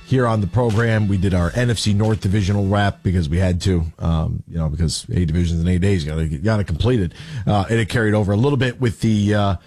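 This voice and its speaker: A man's voice: lowish voice, fast, a little mellow, soft background music. A man hosting a sports radio talk show, chatty and jokey, who sometimes sings his station plugs.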